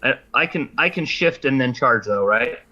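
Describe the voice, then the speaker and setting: A male player talks through his attack in a casual, halting way, full of small restarts. His voice is bright and a bit sharp. The sound is dull and lo-fi, as if from a cheap mic. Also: medium pitch, lively intonation. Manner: hesitant, with many fillers and restarts while describing his move. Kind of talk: casual play at a tabletop game.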